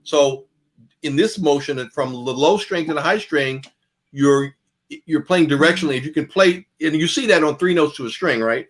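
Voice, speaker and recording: A fairly high-voiced man leads a jazz guitar masterclass in a loose, conversational way. He chats through picking techniques and calls out down and up strokes as he plays, with faint guitar under his voice. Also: moderate pace. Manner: casual, conversational, demonstrates by saying picking strokes aloud. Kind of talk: masterclass lecture.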